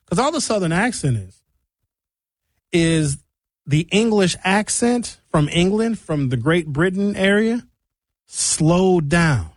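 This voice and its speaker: A man's voice: high voice, dry recording, clean studio sound. A man from Milwaukee telling a political story in a casual, comedic commentary style, acting out voices and drawing out words for emphasis. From Wisconsin, Milwaukee. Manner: animated storytelling, acts out voices, emphatic slowdowns.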